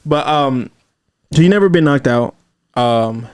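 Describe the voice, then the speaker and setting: A man's voice: medium pitch, expressive, a little slow, clean tone, no echo. A man hosting a podcast, telling loose, profane stories full of fillers and restarts. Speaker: podcast host. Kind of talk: casual chat.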